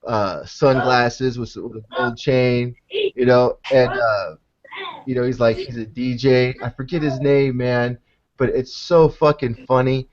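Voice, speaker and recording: A man's voice: medium pitch, steady tone, a little slow, dull audio. A man hosting a casual podcast chat over a video call, laid-back and swearing freely, often tagging his sentences with "man". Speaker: podcast host.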